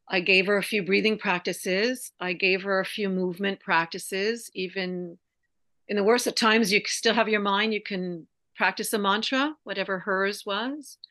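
A woman's voice: medium pitch, bright, forceful tone, no echo. A middle-aged woman, a yoga teacher and interview guest, speaking in a reflective, earnest way. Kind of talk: conversational interview.

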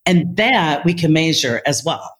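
Lively woman telling stories as a guest. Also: deep voice, unhurried. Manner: animated storyteller who acts out quoted dialogue. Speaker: interview guest, therapist and speaker. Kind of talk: storytelling in conversation.

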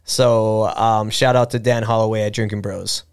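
A man's voice: lowish voice, fairly even intonation, normal speed, clean tone. A man hosting a podcast, talking in a rambling, stop-start way with lots of restarts as he retells a story. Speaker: podcast host. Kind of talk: casual chat.

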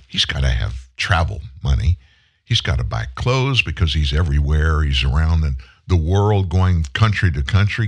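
A man's voice: low-pitched, husky. A male host giving political commentary, indignant and full of rhetorical questions.

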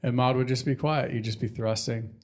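A young man in casual, crude banter, teasing and profane, firing off quick jokes. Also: medium pitch, fairly even intonation, darkish tone.

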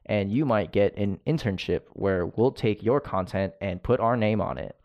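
A man's voice: fairly low pitch, normal speed, dull audio. A man co-hosting a podcast in casual banter, joking around, swearing freely and laughing often. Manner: jokey, profane, laughs often. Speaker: podcast co-host.

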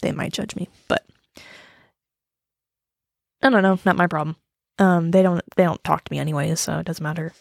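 A woman's voice: on the low side, steady tone, moderate pace, vocal fry, long pauses, no room sound. A young woman chatting casually and confessionally, rambling and self-deprecating with nervous laughs, and choked up close to tears at times. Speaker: vlogger talking about grief.

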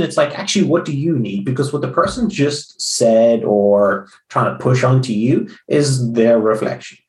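A man's voice: moderate pace, few pauses, a little mellow, far from the mic. A blunt, plain-spoken man chats as a podcast co-host and coach, swearing freely. He acts out what other people say with sudden leaps in his voice. The room around him rings with echo. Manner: blunt, swears, acts out others' lines with big pitch jumps. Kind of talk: casual podcast chat. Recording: roomy echo.

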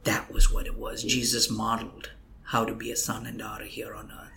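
A man's voice: fairly low pitch, monotone, a little fast, gravelly, bright, forceful tone, a little hiss or hum. A man, a guest minister, telling an emotional testimony in a podcast interview, earnest and at times dropping to a whisper. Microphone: computer microphone.

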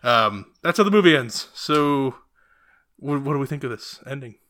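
A young man tells a movie plot to his co-hosts in a loose, animated way, often breaking into laughter. His voice is bright and forward, at an ordinary middle pitch. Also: moderate pace. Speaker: podcast co-host. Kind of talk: casual movie recap chat.

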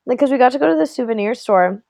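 A woman's voice: a little high, expressive, fast, gravelly, dark tone, dry recording. Chatty young woman, dry sound. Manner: chatty storyteller who quotes people in voices. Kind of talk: casual chat.

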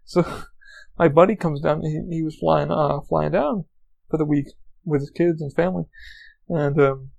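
Gravelly, profane man telling a story. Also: fairly high pitch, fairly even intonation, measured pace, long pauses, a little mellow, rough recording. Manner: profane, meandering, lots of fillers and restarts. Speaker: podcast host. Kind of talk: casual rambling storytelling. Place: lives in Orlando, Florida.

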